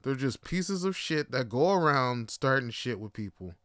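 Clear-voiced man in a rambling, profane monologue. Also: mid-range voice, big pitch swings, moderate pace, fairly bright tone, no room sound, clean studio sound. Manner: rambling and profane, full of fillers. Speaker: podcast host. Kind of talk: casual storytelling monologue.

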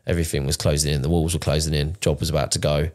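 A man's voice: rumbling low, little pitch movement, very fast, a little mellow. A man, telling his own story in a candid, emotional podcast chat, swearing often and restarting his sentences. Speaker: podcast co-host.

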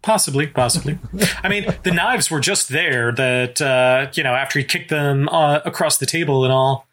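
Measured man reading and discussing. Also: mid-range voice, fairly bright tone, slight background noise. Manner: reads passages aloud, thoughtful and measured. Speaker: podcast co-host. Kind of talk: casual book-discussion chat.

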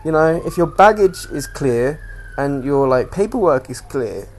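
A man's voice: fairly high pitch, lively intonation, a little slow, a little mellow, slight background noise. A young man hosting a casual solo podcast, rambling loosely between topics and swearing freely. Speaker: podcast host.

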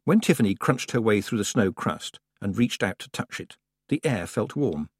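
A male audiobook narrator with a lower, slightly husky voice, telling the story with expressive, playful turns. His pitch moves a great deal from phrase to phrase, and the recording is dry and close. It sounds like an intimate fantasy reading. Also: normal speed, no room sound.

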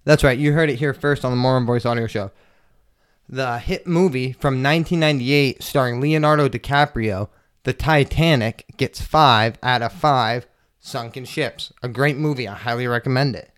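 A man's voice: mid-range voice, brisk, no echo, studio quality. A young man hosting his own podcast, telling loose, profane, jokey stories in a casual rambling monologue. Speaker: podcast host.

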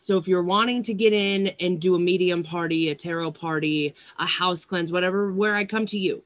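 A woman's voice: on the low side, brisk, dry recording. A young woman who works as a psychic medium, talking casually through an earphone mic in a small room at home, rambling and swearing often between fillers. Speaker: psychic medium and astrology vlogger. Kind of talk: casual livestream chat. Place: small stuffy room at home with fans running.

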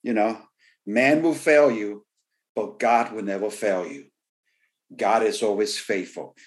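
A man's voice: on the low side, a little slow. A man preaching a sermon, repeating key phrases for emphasis and often saying "you know.". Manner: frequent "you know" fillers. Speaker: pastor.

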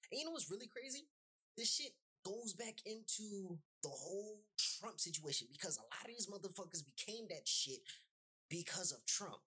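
A woman's voice: deep voice, fairly bright tone, husky. A woman hosting a podcast, ranting in a heated, blunt way with heavy swearing and emphatic repetition. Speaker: podcast host. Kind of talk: profane podcast rant.

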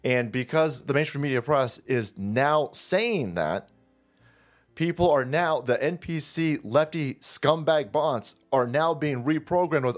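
A man's voice: on the high side, expressive, unhurried. A man hosting a profane political rant, sarcastic and combative in manner. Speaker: political commentary host.

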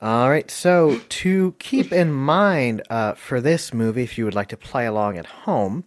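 A man hosts a casual podcast at an ordinary pitch, leaning on frequent "uh" fillers as he jokes along. His voice sounds dry and close. He talks loosely and informally. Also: expressive, a little slow, no room sound. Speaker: podcast host.

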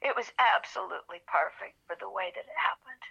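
Gravelly woman telling a story. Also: mid-range voice, fairly quick. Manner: animated storyteller, acts out quotes. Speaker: author guest. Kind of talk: storytelling interview. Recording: dull lo-fi phone-like audio.

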